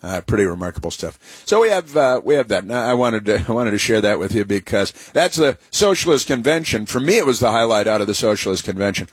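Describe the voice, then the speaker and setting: A man's voice: lowish voice, very animated, fast talker, few pauses, husky, dry recording. Sarcastic talk radio host man. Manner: sarcastic, rambling with many fillers.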